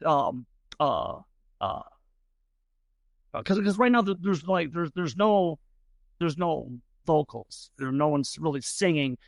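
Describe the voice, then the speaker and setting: A man's voice: a little high, dry recording. A man narrating as game master of a tabletop game, rambling with many fillers and restarts.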